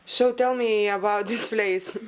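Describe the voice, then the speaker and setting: A woman's voice: medium pitch, steady tone, measured pace, slight background noise, rough recording. A woman interviewing, asking short, cheerful questions in a casual tone.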